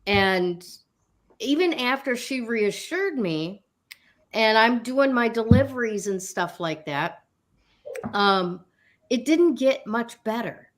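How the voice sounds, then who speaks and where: A woman's voice: a little high, lively intonation, slow pace. A middle-aged woman co-hosting a spiritual talk show, telling a personal story in a candid, casual way with frequent fillers and the odd swear word.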